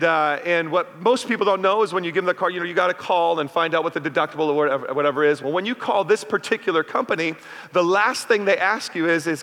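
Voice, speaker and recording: A man's voice: high voice, sharp tone. A middle-aged male pastor preaching a sermon in a church, chatty and full of call-outs to the congregation. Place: church sanctuary. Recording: reverberant hall.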